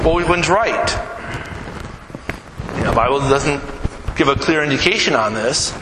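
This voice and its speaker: A man's voice: fairly high pitch, normal speed. A man preaching a sermon to his church in a conversational way, often checking in with "right?". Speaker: pastor. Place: church sanctuary. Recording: echoey hall with noise.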